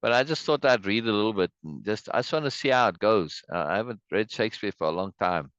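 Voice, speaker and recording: A man's voice: fairly low pitch, expressive, fast talker, a bit bright, smooth, dry recording, dull audio. A man hosting a casual play reading, chatty and musing, with frequent asides and laughs, on a video call. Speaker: host reading a play aloud.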